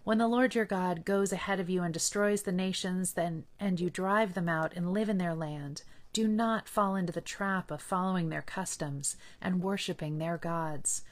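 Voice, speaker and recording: A woman reading Bible passages aloud in a measured, earnest manner. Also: fairly low pitch. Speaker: scripture reader.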